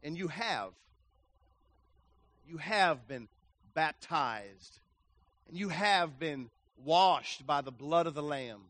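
Slow, bright-voiced impassioned male preacher. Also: on the high side, animated, no room sound. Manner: impassioned, swings from hushed to loud; lists words in slow emphatic runs. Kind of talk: evangelistic sermon.

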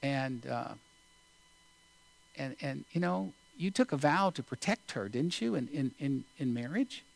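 A male preacher giving a sermon, telling a story in an unhurried, deliberate way with pauses. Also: mid-range voice, lively intonation, creaky.

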